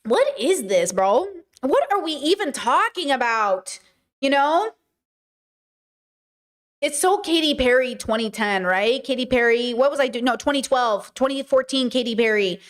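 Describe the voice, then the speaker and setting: A young woman chats casually on a live stream, reacting to a music video. She laughs often and sounds openly incredulous. Her voice sits high. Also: expressive, a little slow. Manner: laughing, incredulous, sarcastic asides.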